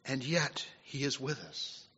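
A man preaching a sermon, swinging between loud, emphatic passages and soft, hushed ones, with halting restarts and fillers. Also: medium pitch, fairly even intonation, breathy edge. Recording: dull lo-fi recording.

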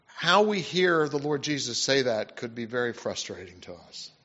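Male preacher, swinging loud to hushed. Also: mid-range voice, very animated. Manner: halting, with many fillers and restarts. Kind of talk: sermon. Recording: dull lo-fi recording.

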